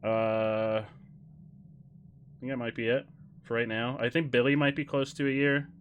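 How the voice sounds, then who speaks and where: A man's voice: mid-range voice, level tone, moderate pace, muffled recording, slight background noise. A man chatting casually on a live stream, telling dad jokes, laughing often and correcting himself as he rambles. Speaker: game streamer.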